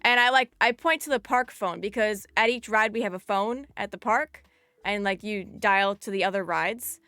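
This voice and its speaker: A young woman streaming live, telling a story in an animated, chatty way with lots of "like". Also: medium pitch, normal speed, smooth, no echo.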